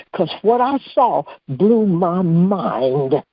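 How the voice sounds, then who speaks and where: Woman, radio show guest, animated storytelling, acts out dialogue, dull dry audio. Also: medium pitch, normal speed, dry recording.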